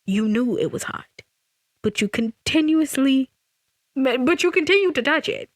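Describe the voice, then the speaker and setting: A young woman telling a casual storytime vlog, animated and sassy, with frequent restarts and laughter. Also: high-pitched, measured pace, no room sound, studio quality. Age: young adult. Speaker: vlogger.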